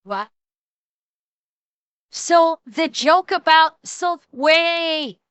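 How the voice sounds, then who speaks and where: A woman streamer giving casual, excitable reaction commentary, swearing and restarting her sentences. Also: very high-pitched, extremely slow, no room sound, muffled recording.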